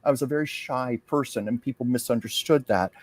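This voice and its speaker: Recorded with no room sound, a man with a mid-range voice, a psychic medium and host of a psychic show, talks casually and earnestly about a channeled message. His manner is heartfelt, and he slows when reading something aloud.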